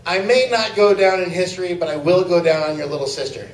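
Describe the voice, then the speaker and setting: High-voiced man for a crude open-mic stand-up set; roomy club sound, mic at a distance. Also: quick pace. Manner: crude joke-telling, laughing at own jokes. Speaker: stand-up comic. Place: small comedy club.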